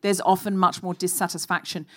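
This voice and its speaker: A woman hosting a live comedy podcast, telling animated stories and acting out shouted quotes. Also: fairly low pitch, a little fast. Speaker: podcast host. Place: live stage before an audience.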